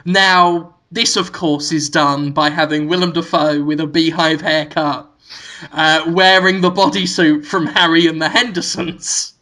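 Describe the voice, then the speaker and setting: A man co-hosting a comedy podcast, spinning an absurd story with giggles and sudden shouted bits. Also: fairly high pitch, steady tone, measured pace, poor audio. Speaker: podcast co-host.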